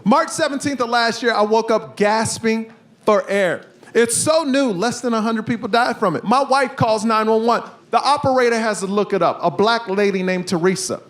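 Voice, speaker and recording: A man doing a stand-up comedy set, telling an animated story and acting out the people in it with big jumps in his voice. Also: high-pitched, normal speed. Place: comedy stage before a live audience. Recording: live stage mic with crowd laughter. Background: audience laughter.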